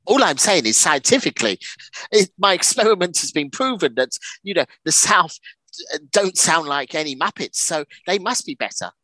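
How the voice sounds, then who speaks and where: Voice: medium pitch, big pitch swings, moderate pace, bright, forceful tone, dry recording, poor audio. A performer voicing a fussy male puppet scientist with a pseudo-scientific manner. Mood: smug.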